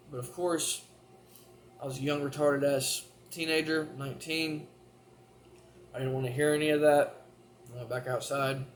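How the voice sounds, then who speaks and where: A man's voice: medium pitch, slight background noise. Rambling, profane storytelling man. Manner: rambling, profane, full of restarts. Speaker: vlogger. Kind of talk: casual storytelling to camera.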